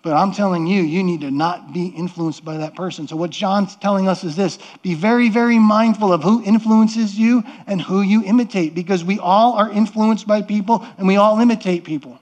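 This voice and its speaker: A man's voice: sits high, moderate pace, hardly any pauses, a little mellow, muffled recording. A middle-aged man preaching a sermon as pastor, earnest and conversational, often repeating and restarting words.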